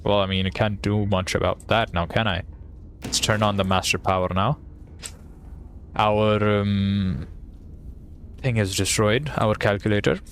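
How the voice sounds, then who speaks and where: A man's voice: lowish voice, steady tone, measured pace, long pauses, a little hiss or hum. Casual male gamer thinking aloud. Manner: playful, thinking aloud, mumbling game text to himself. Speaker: gaming streamer. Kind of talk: casual gameplay commentary.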